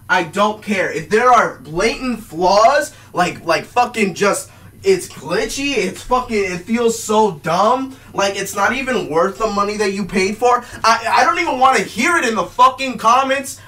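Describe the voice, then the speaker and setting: A young man delivering an angry, profane game rant, yelling and swearing constantly. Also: sits high. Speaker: game reviewer. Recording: voice distant from the mic.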